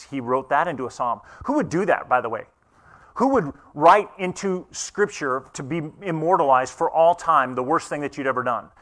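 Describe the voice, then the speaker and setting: A pastor preaching a conversational sermon in church, earnest and asking the congregation questions. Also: male voice, on the high side, a bit bright.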